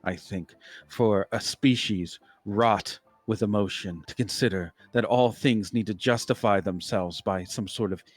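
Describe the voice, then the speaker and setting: A man voicing a cold, imposing male bartender who speaks in a formal, measured, lecturing way. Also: lowish voice.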